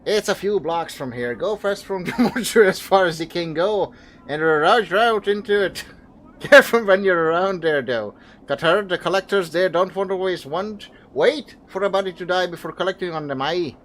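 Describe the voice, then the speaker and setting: A man doing a gruff slum local drawling. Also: sits high, normal speed, a bit bright, a little hiss or hum, voice pushed up. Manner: drawling, folksy, says aye. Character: gruff male slum local with a put-on accent.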